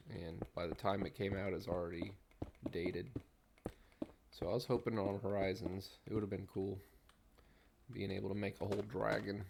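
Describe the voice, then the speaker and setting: A middle-aged man streaming a game, talking in a mellow, rambling way and humming to himself while he builds, recorded at a desk mic. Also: sits low, creaky, noisy background. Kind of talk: relaxed gameplay commentary.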